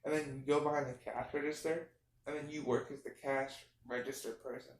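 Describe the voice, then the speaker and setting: A man's voice: mid-range voice, fairly quick. A young man improvising a rambling, absurd story, full of fillers and restarts. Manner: meandering, filler-heavy, deadpan absurd. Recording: echoey room.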